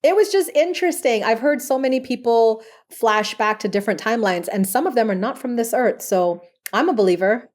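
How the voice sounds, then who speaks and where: A woman's voice: a little high, animated, fairly quick, few pauses, darkish tone. Earnest woman telling spiritual stories. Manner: earnest, storytelling, casual fillers. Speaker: guest, spiritual medium and past life regression therapist. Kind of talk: podcast interview.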